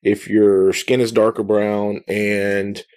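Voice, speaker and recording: A man's voice: lowish voice, level tone, slow, darkish tone, smooth, no room sound. A man hosting a podcast in casual chat, easygoing and joking, backing his guest with short replies. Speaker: podcast host.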